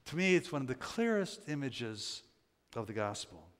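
A man's voice: mid-range voice, big pitch swings, normal speed. An older man preaching a sermon as pastor, in a folksy, conversational storytelling manner with many fillers. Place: church sanctuary. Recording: church sanctuary with long reverb.

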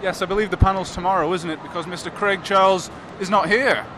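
A man hosting a live podcast, bantering and introducing guests in a brisk, announcer-like way at a convention hall. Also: high voice, steady tone, background noise. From Lancashire. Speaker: podcast host.

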